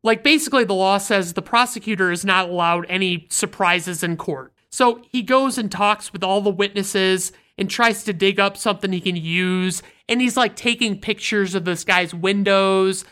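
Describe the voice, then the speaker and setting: Bright-voiced, foul-mouthed woman reviewer. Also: mid-range voice, normal speed, hardly any pauses, smooth. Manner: blunt, profanity-laden storytelling. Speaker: film reviewer. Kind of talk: casual film recap.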